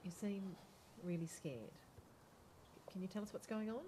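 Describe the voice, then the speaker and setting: A woman playing a supportive friend in a role-play, speaking gently and patiently to reassure him. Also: medium pitch, expressive, normal speed, a little hiss or hum, lightly acted. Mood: calm. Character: calm supportive friend talking someone down.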